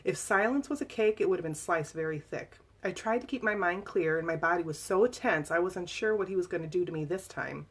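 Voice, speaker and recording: A woman with a fairly low voice reads her own memoir aloud to people listening live. Her delivery is emotional and halting, full of fillers and restarts as she works through the text. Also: slightly rough. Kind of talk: memoir reading to a live audience.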